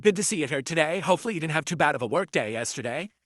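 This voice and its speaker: A man's voice: a little high, lively intonation, rapid-fire, a bit bright, dry recording, studio quality. A man streaming casually, reading out viewer tips, mocking his trolls and rambling as he justifies himself. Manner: mocking, gloating toward trolls; rambling, self-justifying monologue.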